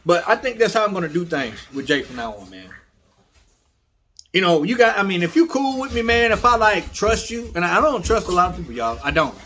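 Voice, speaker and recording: A man's voice: high-pitched, bright, forceful tone. A man who breeds dogs, telling a story in a blunt, casual way and talking straight to his viewers. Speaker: dog breeder.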